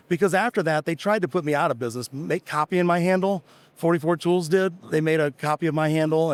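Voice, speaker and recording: A man's voice: a little high, no room sound. Chatty American man telling stories. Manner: rambling anecdotes with quoted dialogue. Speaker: guest, tool company founder. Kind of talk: casual storytelling interview.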